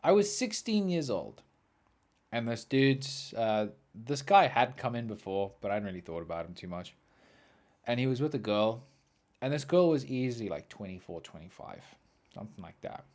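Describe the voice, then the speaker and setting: A young man hosting a podcast, telling stories in an animated, swearing, ranting way. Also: medium pitch, moderate pace. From South Africa. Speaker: podcast host. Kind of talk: storytelling monologue.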